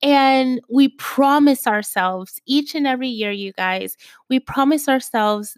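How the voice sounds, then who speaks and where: A young woman hosting her own podcast in casual chat, her voice raspy from a cold, talking with lots of fillers and repeated asides to her listeners. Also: sits high, unhurried, no echo, clean studio sound. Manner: chatty, lots of fillers, keeps saying "you guys". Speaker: podcast host.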